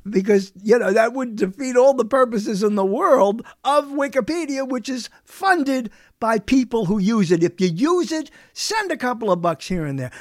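A very high-pitched man hosts a live radio talk show, recorded on a studio microphone with clean sound and no echo. His chatter is rambling and digressive, and he frequently stops himself partway through sentences.

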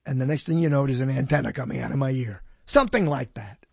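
Here the host talks fast in a mid-range voice with vocal fry and a slightly rough edge, recorded dry on a close microphone. Alone at the mic, he drifts from topic to topic, cracks jokes, and reads out quotes, humming, laughing, and chatting to himself as he goes.

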